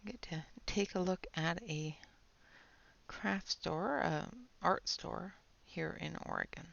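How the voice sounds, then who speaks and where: A woman's voice: lowish voice, fairly even intonation, takes it slowly, vocal fry, fairly bright tone. A woman hosting a colouring channel, chatting step by step through a pencil demo, a little out of breath. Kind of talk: casual product demo while colouring. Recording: dull lo-fi audio.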